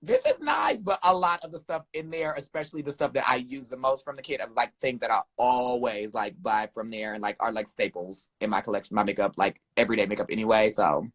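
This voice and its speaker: A young man, a drag performer guest in a casual live chat, animated and sassy, calling people "girl" and "honey". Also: mid-range voice, quick pace, hardly any pauses.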